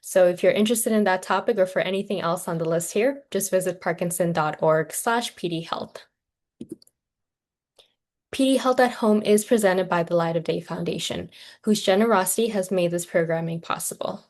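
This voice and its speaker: A woman's voice: on the low side, normal speed, darkish tone. A woman host welcoming viewers to an online session, reading program announcements in a friendly way. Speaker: webinar host. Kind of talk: scripted program introduction. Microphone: video call.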